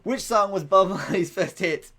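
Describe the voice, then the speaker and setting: A man's voice: high-pitched, normal speed, sharp tone. A man in his late twenties hosting a live quiz, chatting in a jokey, giggly way with rambling asides, close to his microphone. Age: late 20s. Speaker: quiz host. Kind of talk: live-streamed quiz answers. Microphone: microphone close to the mouth.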